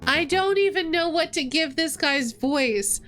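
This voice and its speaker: A woman's voice: high voice, a little slow, fairly bright tone, soft background music. A woman streaming a game, chatting and laughing at herself as she reads. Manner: chatty, self-mocking, laughing. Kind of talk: reading a visual novel aloud on stream.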